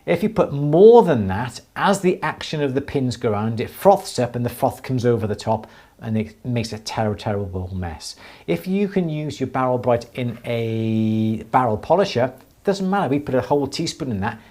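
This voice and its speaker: A man's voice: mid-range voice, animated, normal speed, warm tone. A man hosting a live jewellery Q&A, explaining techniques enthusiastically and with many restarts. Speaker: jewellery teacher, show host. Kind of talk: live Q&A stream.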